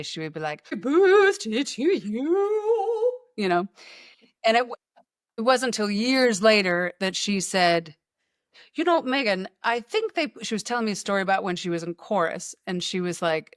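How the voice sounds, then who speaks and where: A woman hosts a podcast conversation, wandering through anecdotes with a self-mocking, joking streak. Her voice sits at an ordinary pitch. The sound is dry and close, with no room around it. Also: fairly bright tone, no echo. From United States. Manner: rambling, joking storyteller. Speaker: podcast host. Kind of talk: casual chat.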